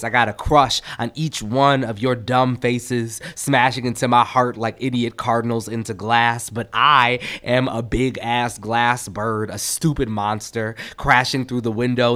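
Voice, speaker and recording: Poet, male, lowish voice; expressive, rhythmic reading with swells in volume. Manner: expressive, rhythmic delivery with swings in loudness. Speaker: poet reading from his own manuscript. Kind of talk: poetry reading.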